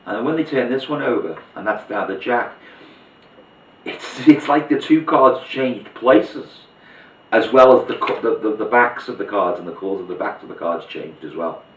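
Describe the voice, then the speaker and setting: A low-voiced man talks through a card trick step by step, chatty and hands-on as he demonstrates. He sits back from the mic in a roomy space, and the recording sounds dull and muffled. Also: lively intonation, normal speed, recorded from a distance. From Liverpool, England. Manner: chatty, step-by-step explaining while handling cards. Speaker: magician teaching a card trick. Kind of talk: demonstration tutorial.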